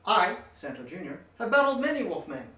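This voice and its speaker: A man voicing an earnest, literal-minded masked wrestler hero with a deadpan delivery. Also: sits high, a little fast, heavily acted. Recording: echoey room, distant mic.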